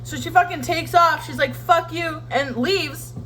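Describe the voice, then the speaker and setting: A woman's voice: high voice, normal speed, a bit bright, soft background music. A young woman at home, ranting casually about a book she read, swearing freely and acting out lines from it. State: tired from cleaning. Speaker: book vlogger. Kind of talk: casual chat. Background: faint household sounds, washing machine running.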